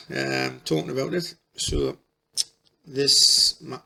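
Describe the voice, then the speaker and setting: A middle-aged man telling a personal story in a halting, emotional way, restarting his sentences often. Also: mid-range voice, fairly even intonation, gravelly, bright, forceful tone, husky. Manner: halting, repeats and restarts, folksy dialect. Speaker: spiritual healer.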